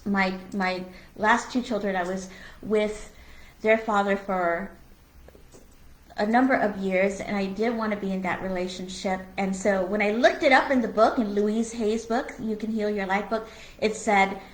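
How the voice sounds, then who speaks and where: A woman's voice: medium pitch, fairly even intonation, measured pace. A woman co-hosting a casual spiritual conversation, speaking candidly and earnestly with lots of "you know" and "like" fillers and a blunt, sometimes profane streak. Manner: blunt, with occasional swearing. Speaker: co-host of a spiritual conversation show. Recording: echoey room.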